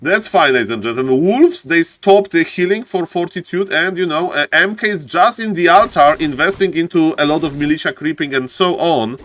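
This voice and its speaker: Guy casting a strategy game live, hyped, keeps saying ladies and gentlemen, bit high voiced. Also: moderate pace, hardly any pauses. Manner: excitable, repeats phrases, often says "ladies and gentlemen". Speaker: esports caster.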